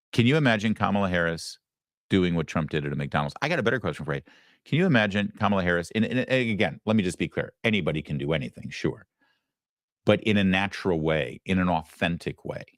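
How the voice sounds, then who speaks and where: A man's voice: low voice, dry recording, clean studio sound. A male host giving sarcastic, emphatic commentary on news clips. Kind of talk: opinionated commentary.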